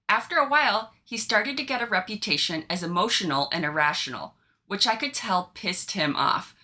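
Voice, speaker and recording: Woman, casual podcast co-host, animated and giggly, bright tone. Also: mid-range voice. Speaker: podcast co-host reading stories. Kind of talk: casual chat, reading posts aloud.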